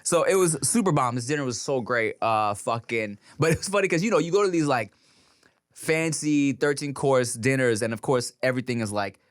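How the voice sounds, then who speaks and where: Male host, casual podcast banter, swears freely, pitch bounces around, dry close sound. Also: a little fast, dry recording. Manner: animated, profane storytelling with many fillers. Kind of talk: casual chat.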